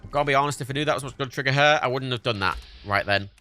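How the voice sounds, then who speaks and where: A man chatting casually while streaming a video game, swearing freely and jumping high in pitch when indignant. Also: rapid-fire, sharp tone, faint music behind. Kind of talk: casual gaming stream chat.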